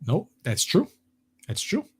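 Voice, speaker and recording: A man co-hosting a podcast, chatting casually with frequent fillers and restarts. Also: a little slow. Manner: relaxed, hesitant with many fillers. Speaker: podcast co-host. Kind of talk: casual chat.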